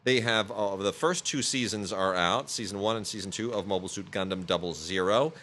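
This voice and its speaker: Male podcast host, low-ish but bright voice, casual rambling review chat, faint hiss behind. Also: brisk. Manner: rambling, many fillers and restarts. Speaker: podcast host reviewing home video releases.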